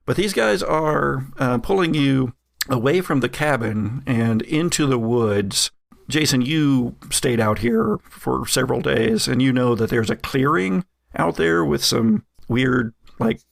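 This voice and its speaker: A man's voice: medium pitch, gravelly, no echo, clean studio sound. A man narrating as game master in a casual actual-play audio drama, loose and full of hesitations. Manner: loose, hesitant with many uhs.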